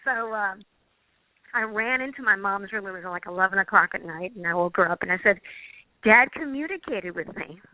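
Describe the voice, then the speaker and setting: A woman guest, a quantum healing practitioner, telling a personal story in an earnest, halting way, often restarting her phrases. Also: mid-range voice, animated, no echo. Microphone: phone or call line. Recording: tinny dry phone line.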